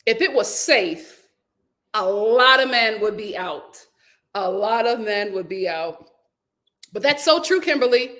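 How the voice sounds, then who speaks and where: Speaking in a mid-range voice at a measured pace, with frequent pauses, a young woman hosts a relaxed stream. She reads viewer comments aloud and chats in a lively way, laughing often.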